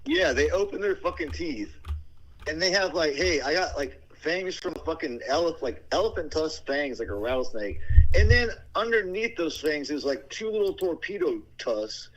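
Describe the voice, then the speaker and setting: A man's voice: on the high side, animated, moderate pace, a bit bright, low-quality recording. A man in casual, profane chat, telling rowdy stories and acting out the voices of people and animals. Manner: rowdy storytelling, acts out voices, swears constantly.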